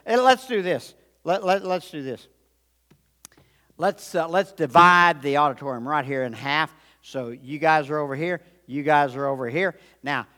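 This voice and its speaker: Emphatic preacher with slow, bright delivery. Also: male voice, high-pitched. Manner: emphatic, repetitive, call-and-response with the congregation. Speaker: pastor. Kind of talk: sermon. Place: large auditorium. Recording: long reverb of a large auditorium.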